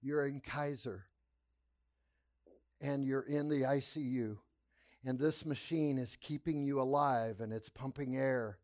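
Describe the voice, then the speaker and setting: Man doing a sweet little nurse, soft and low, soothing. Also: a little slow, pauses often, dry recording, clean studio sound, lightly acted. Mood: gentle reassuring. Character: sweet gentle young female nurse.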